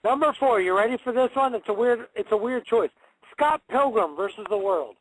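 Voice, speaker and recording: A man co-hosting a radio show from his car, tipsy from drinking, ranting loudly and swearing. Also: extremely high pitch, lively intonation, fairly quick, no echo, poor audio. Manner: profane, loud, ranting. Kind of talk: rowdy casual banter.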